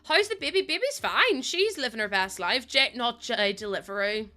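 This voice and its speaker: A woman's voice: a little high, lively intonation, moderate pace, sharp tone. A young British woman streaming live from home, chatting casually with viewers, laughing often and swinging between playful squeals and mock grumbling. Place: home room.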